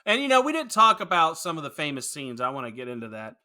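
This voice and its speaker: A man's voice: a little high, wildly swooping pitch, quick pace, pushed and bright. A man co-hosting a podcast, chatting casually and opinionatedly about a film and swearing freely. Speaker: podcast co-host. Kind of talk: casual movie review chat.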